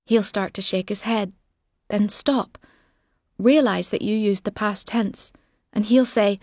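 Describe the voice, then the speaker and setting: Woman reading an audiobook, wry and measured, mid voice, dead dry recording. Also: medium pitch, darkish tone, dry recording. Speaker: audiobook narrator. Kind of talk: literary second-person narration.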